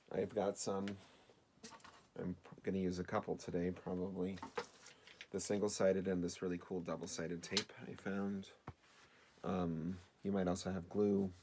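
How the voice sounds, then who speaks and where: Male teacher, low voice, relaxed remote lesson for kids, chatty, self-deprecating, lots of ums. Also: measured pace, a little hiss or hum. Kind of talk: casual remote video lesson for children.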